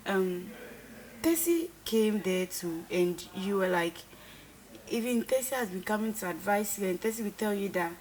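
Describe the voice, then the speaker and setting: A woman's voice: mid-range voice, animated, normal speed, a little mellow. A young woman in a casual conversation, earnestly retelling a falling-out with repeated quoted dialogue. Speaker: reality show contestant.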